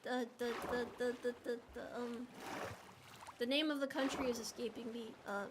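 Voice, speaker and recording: A woman from the United States with a fairly high, steady voice plays a game on stream at a moderate pace, the background noisy. She chats playfully and casually, often giggling and reading her viewers' chat messages out loud.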